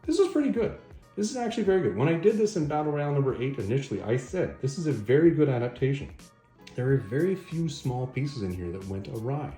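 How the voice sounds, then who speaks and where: Lively, deep-toned man reviewing comics. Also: fast talker. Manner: animated, chatty retelling of a story. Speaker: comic book reviewer, channel host. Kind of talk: casual video review. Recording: roomy echo, faint music.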